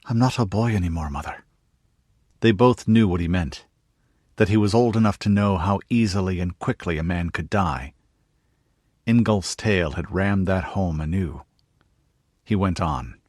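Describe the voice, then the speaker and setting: A man narrating a fantasy audiobook in a steady, scripted reading with a husky voice. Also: low voice, unhurried, no room sound, studio quality.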